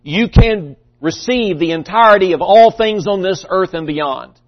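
A man's voice: sits high, animated, unhurried. A man preaching a sermon as pastor, earnest and emphatic, often restarting his phrases. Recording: dull lo-fi recording.

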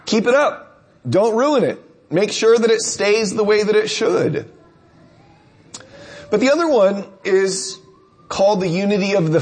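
A man's voice: sits high, darkish tone, slightly rough. A man preacher delivering a conversational sermon, telling stories and asking rhetorical questions.

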